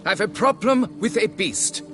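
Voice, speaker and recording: An actor voicing a pompous, condescending aristocrat who owns a vineyard, in a video game, with faint music behind. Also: male voice, high voice, expressive, measured pace, a bit bright. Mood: haughty. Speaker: nobleman quest giver.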